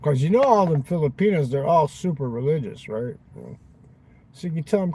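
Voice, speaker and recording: Crude, rambling man with a mellow voice. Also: a little high, animated, brisk, husky, poor audio. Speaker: live-stream vlogger. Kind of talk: rambling live-stream chat. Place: parked car at night.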